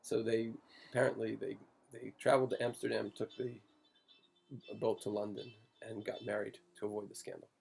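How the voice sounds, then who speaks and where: A man telling family anecdotes in an interview, halting and digressive, with frequent restarts. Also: lowish voice, little pitch movement, gravelly, a little mellow. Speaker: family descendant telling stories.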